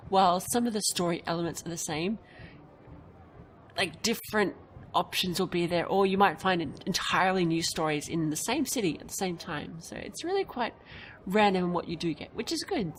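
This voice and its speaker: A woman's voice: on the low side, lively intonation, fairly quick, a little hiss or hum, low-quality recording. A woman hosting a let's play, chatting casually about her choices and reading the story text aloud.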